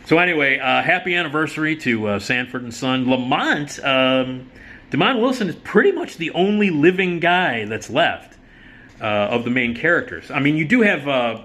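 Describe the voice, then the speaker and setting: A middle-aged man hosting a casual chat, rambling and enthusiastic, swearing freely and filling pauses with lots of ums and uhs. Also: medium pitch, big pitch swings, bright, forceful tone. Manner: rambling, enthusiastic, profane, many fillers. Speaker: host.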